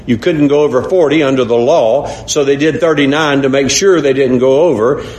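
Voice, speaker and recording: A man's voice: medium pitch, a little fast, darkish tone, reverberant. A man preaching a sermon, earnest and repetitive, often calling his listeners brethren. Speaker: pastor.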